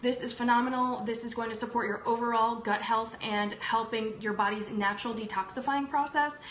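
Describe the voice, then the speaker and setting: A woman's voice: fairly high pitch, fairly even intonation, a little fast, fairly bright tone. A young woman hosting a casual livestream, upbeat and chatty with plenty of ums. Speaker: host. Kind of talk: casual livestream product talk. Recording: echoey room with faint background noise.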